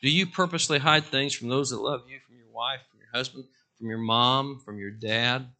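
A male pastor preaching a sermon, swinging from loud declarations to hushed asides and acting out quotes. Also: mid-range voice, normal speed.

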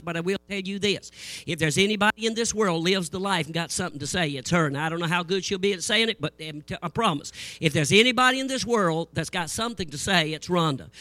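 An older man preaching a humorous sermon, telling folksy, animated anecdotes. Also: high-pitched, no room sound.

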